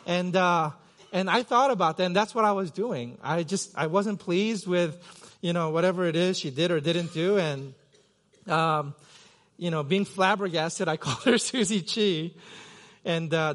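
High-voiced man preaching casually. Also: a bit bright. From Korea. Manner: conversational, self-deprecating with many fillers and restarts. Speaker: pastor. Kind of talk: sermon. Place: church sanctuary.

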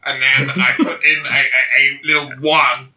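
A man's voice: mid-range voice, little pitch movement, moderate pace, bright, forceful tone, distant mic. Off-mic man in an echoey, noisy room. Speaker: podcast guest. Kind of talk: casual comedic group chat. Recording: echoey, off-mic, crowd noise behind.

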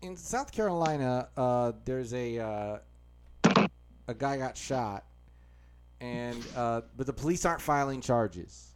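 A man's voice: medium pitch, slow, background noise. A man co-hosting a comedy podcast, reading news stories aloud in casual chat and laughing between lines. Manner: laughs while reading, deadpan asides. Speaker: podcast co-host.

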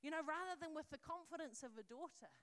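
A woman preaching with earnest, conversational warmth in a fairly high voice. She moves between talking to her listeners and reading scripture aloud like a story. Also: expressive, fast.

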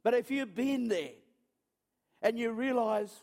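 High-voiced preacher man. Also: a little mellow, in a large hall. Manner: chatty, self-mocking anecdotes with halting restarts. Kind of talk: storytelling sermon.

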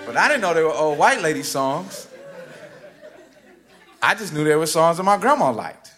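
A man performing a personal story live on stage, with a rhythmic, theatrical delivery that swings sharply in pitch and loudness. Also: sing-song, moderate pace, a faint crowd. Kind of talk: live spoken-word storytelling. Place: stage before a live audience. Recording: live stage recording with music bed underneath.

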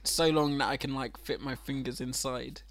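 A man co-hosting a casual film chat podcast, playful and deadpan. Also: mid-range voice, moderate pace. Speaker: podcast co-host. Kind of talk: casual chat about films.

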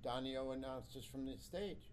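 A man's voice: mid-range voice, normal speed, slight background noise. A man co-hosting a radio show, making dry, offhand remarks in casual chat.

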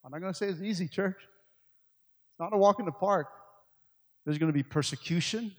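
High-voiced preacher man in a reverberant hall. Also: normal speed. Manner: preaching with rising, shouted appeals and quiet stretches. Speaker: pastor. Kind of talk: sermon.

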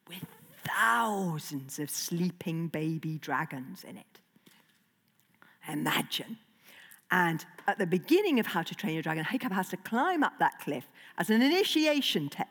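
A woman children's author talking playfully to a young audience, asking them questions and reading aloud. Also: fairly low pitch. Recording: long hall reverb.

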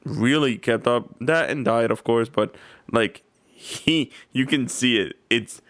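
A man's voice: medium pitch, slow pace, a bit bright, dry recording. A laid-back man talking slangy in a casual podcast chat. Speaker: podcast co-host.

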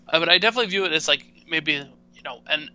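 Brief: male co-host, sharp bright tone, rambly and self-deprecating, lo-fi mic. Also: fairly high pitch, a little fast, smooth. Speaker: podcast co-host. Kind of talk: casual hockey chat. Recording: dull, muffled mic sound.

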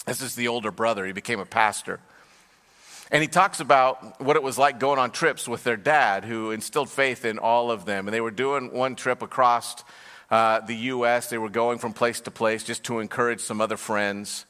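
A man's voice: medium pitch, normal speed, bright, forceful tone. A man, a pastor, preaching a sermon with storytelling that builds to emphatic passages. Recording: long hall reverb.

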